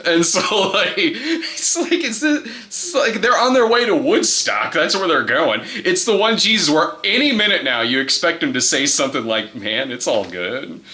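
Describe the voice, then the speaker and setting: Bright, animated young man reviewing a film. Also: sits high, normal speed, hardly any pauses. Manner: rambling, joking, frequent "like". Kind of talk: casual review chat. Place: indoor room.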